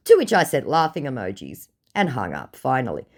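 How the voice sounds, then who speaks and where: A woman's voice: extremely low pitch, huge pitch swings, brisk, darkish tone, slightly rough. A woman recounting a chat with a scammer in a sarcastic, mocking way. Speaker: scambaiter.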